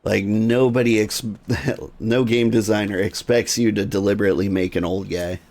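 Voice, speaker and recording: Brief: male streamer, low gravelly voice, relaxed rambling chat with viewers. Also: moderate pace. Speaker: streamer playing a video game.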